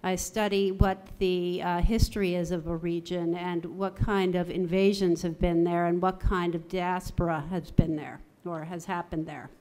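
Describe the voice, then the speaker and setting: A middle-aged woman, a theatre voice and dialect coach, giving a measured, articulate talk at a university conference. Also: lowish voice, little pitch movement, darkish tone. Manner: measured, articulate presenting with lists.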